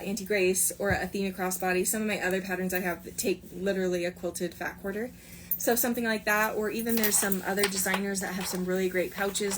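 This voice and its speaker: A woman's voice: mid-range voice, a bit bright, a little hiss or hum. A woman in her sewing room giving a chatty, upbeat sewing tutorial with lots of fillers and asides. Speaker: sewing pattern designer teaching a sew-along. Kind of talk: casual tutorial talk.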